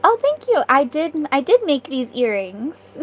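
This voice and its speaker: A woman's voice: high voice, very animated, measured pace, a little hiss or hum, low-quality recording. A young woman streaming live, chatting with viewers in an offhand way and laughing often. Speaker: livestreamer. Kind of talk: casual livestream chat.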